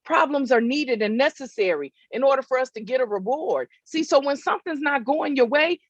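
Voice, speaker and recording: A woman's voice: sits high, no room sound. Woman, motivational speaker, emphatic, repetitive, lo-fi dry sound. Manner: emphatic, repetitive, checks in with listeners. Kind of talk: faith-based motivational talk. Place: outdoors in hot weather.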